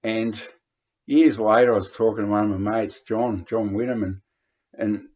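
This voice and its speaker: A man's voice: fairly low pitch, steady tone, normal speed. An older Australian man telling rambling anecdotes, hesitant, with many fillers and restarts. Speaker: vlogger reminiscing. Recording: dull lo-fi recording.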